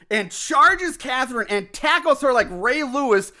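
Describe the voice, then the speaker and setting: A man casually recapping a film plot as a podcast host, animated, acting out shouted lines and laughing often. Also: extremely high pitch, normal speed, few pauses. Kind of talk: casual chat.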